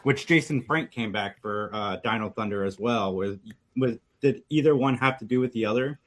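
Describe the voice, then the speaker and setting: A man's voice: medium pitch, normal speed. A man hosting a podcast, asking the guest questions with many fillers and restarts. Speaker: podcast host. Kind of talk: casual interview questions.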